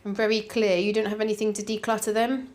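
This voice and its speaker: A woman's voice: medium pitch, flat delivery, quick pace, a little mellow. A middle-aged woman with a Norfolk accent, chatting casually as she reads out viewer comments for her decluttering vlog, rambling with plenty of fillers. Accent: Norfolk English. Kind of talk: casual chat, reading comments aloud.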